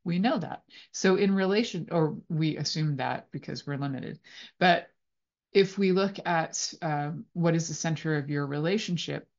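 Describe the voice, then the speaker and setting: A woman's voice: deep voice, normal speed, a little mellow. Rambling woman host, slightly muffled audio. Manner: rambling, thinks aloud with many fillers. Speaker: podcast host. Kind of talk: reflective relationship talk.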